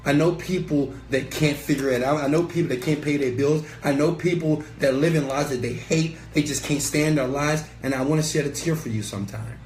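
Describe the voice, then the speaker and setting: Man, somewhat high voice, emphatic motivational preaching, echoey room. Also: brisk, few pauses, a little mellow. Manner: passionate, preachy, emphatic, swears at times. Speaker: entrepreneur and motivational mentor. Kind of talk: motivational monologue to camera. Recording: echoey room with faint ambient noise.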